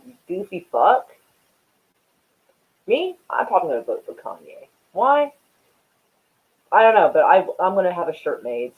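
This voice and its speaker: A woman from Oklahoma hosting a casual livestream, chatting with viewers in a profane, rambling way and often laughing at herself. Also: on the low side. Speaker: livestream host. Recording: tinny phone-like audio.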